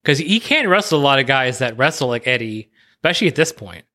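A man's voice: mid-range voice, sing-song, sharp tone. A man on a podcast giving his opinions on a wrestling match in casual, opinionated talk that speeds up in bursts. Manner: chatty opinionated analysis, quickens in bursts. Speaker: podcast co-host. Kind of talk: casual discussion.

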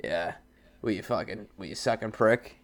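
A man's voice: on the low side, normal speed. A man, co-hosting a podcast in crude, swaggering banter. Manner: brash, profane, swaggering. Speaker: podcast co-host.

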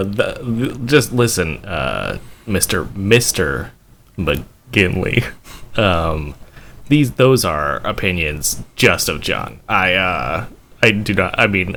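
Low-voiced guy on a podcast, slow and halting, pitch all over the place, lots of ums. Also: expressive, vocal fry, fairly bright tone, a little hiss or hum. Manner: hesitant, many fillers, chuckling. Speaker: podcast co-host. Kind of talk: casual podcast banter.

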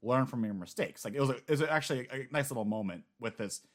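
A man casually discussing anime on a podcast, lively and laughing often. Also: mid-range voice, quick pace. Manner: animated, laughs often, acts out quotes.

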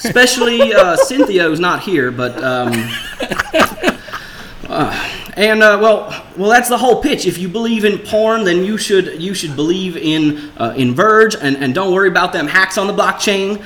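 A man's voice: sits high, animated, moderate pace, a bit bright, voice pushed up. A man putting on a Southern American accent to play a rambling, boastful crypto salesman. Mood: hyped.

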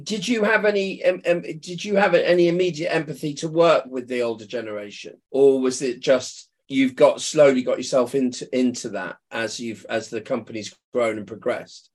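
A man's voice: medium pitch, normal speed, few pauses, darkish tone. A man co-hosting a podcast, asking questions and teasing his guest with self-deprecating banter. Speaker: podcast co-host. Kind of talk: casual podcast interview.

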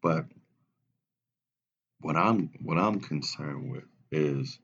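Young man, unhurried and low, animated storyteller who laughs easily. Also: gravelly, slightly rough, lo-fi sound. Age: 20s. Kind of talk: casual podcast chat.

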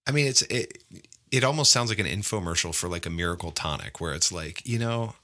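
Very deep-voiced bright male podcast host. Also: lively intonation, fairly quick. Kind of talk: casual interview chat.

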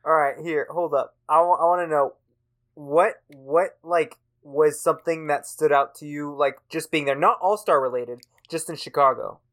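A man's voice: on the high side, normal speed, a bit bright. A man co-hosting a podcast, chatting casually, laughing and stumbling over his words. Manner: giggly, stumbling restarts. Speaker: podcast co-host. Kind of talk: casual chat.

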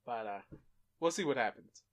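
A young man co-hosting a podcast, relaxed and hesitant, with lots of fillers. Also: medium pitch, moderate pace. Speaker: podcast co-host. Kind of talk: casual chat.

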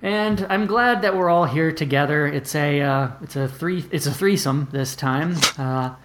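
A man's voice: on the high side, a little slow, a bit bright. Hesitant man hosting a comedy podcast. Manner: hesitant, many fillers. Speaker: podcast host.

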